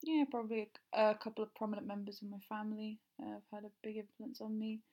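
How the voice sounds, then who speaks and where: A young woman with a southern English accent, answering listener questions in a casual, chatty way, enunciating clearly, with lots of fillers, laughter and swearing. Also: mid-range voice, flat delivery, fast, dark tone, slight background noise. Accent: southern English, standard-leaning. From England. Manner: enunciates clearly when recording. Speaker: creator answering fan questions. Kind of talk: casual Q&A recording.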